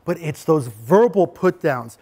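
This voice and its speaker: A middle-aged man presenting an anti-bullying workshop to parents, animated and acting out scenes. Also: a little high, unhurried. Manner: animated, acts out scenes for the audience.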